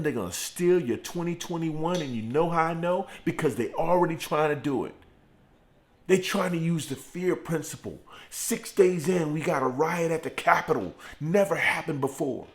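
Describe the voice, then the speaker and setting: A middle-aged man hosting a motivational morning live stream from his home garage, preaching with fired-up repetition while deliberately keeping his voice turned down. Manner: fired-up preaching with repeated phrases, speaking in a deliberately lowered voice. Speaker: host of a morning motivational show.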